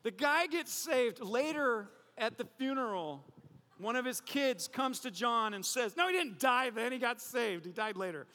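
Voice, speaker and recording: Pastor, male, high bright voice, lively and joking, preaching in a large echoing church hall. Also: measured pace. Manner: animated, joking storyteller. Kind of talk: sermon.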